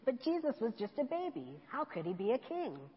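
A woman's voice: a little high, very animated, moderate pace, a little hiss or hum, voice pushed up. A woman reading aloud, voicing a small, curious girl bear cub who asks eager, wondering questions. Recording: dull echoey church hall.

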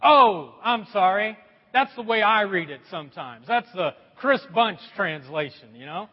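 Male pastor, sermon, high voice, lively pitch swings, long hall reverb, dull sound. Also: a little slow. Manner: animated storytelling with a lot of pitch swings.

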